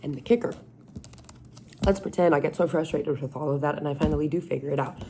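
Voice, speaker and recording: A woman venting in a casual, animated monologue, exasperated and self-mocking. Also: deep voice, fast, a little hiss or hum. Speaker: vlogger.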